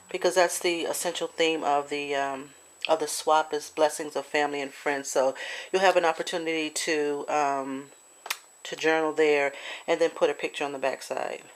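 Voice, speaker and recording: A woman chatting her way through a handmade craft project with many fillers and restarts, now and then apologetic. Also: deep voice. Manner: gets emotional and apologetic. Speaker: crafter showing a swap project. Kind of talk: casual show-and-tell craft video.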